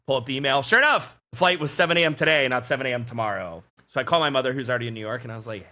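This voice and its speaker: A man co-hosting a podcast, telling a long story in an animated, filler-heavy way. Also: medium pitch, very fast. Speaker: podcast co-host. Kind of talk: casual storytelling chat.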